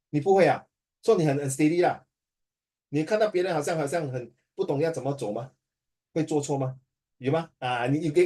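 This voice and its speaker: A man's voice: a little high, dark tone. A man with a Singaporean English accent tutoring a student in a playful, teasing way, switching between languages. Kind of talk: casual one-on-one tutoring.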